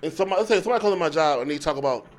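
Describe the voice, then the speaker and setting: A man's voice: a little high, lively intonation, racing. A young man co-hosting a podcast, joking and laughing through casual stories. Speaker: podcast co-host. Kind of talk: casual chat.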